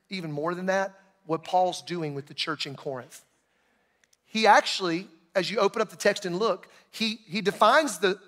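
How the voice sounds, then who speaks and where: A middle-aged man preaching a sermon, telling a personal story in an animated way and acting out shouted quotes. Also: high voice. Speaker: pastor. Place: large church auditorium. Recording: long hall reverb.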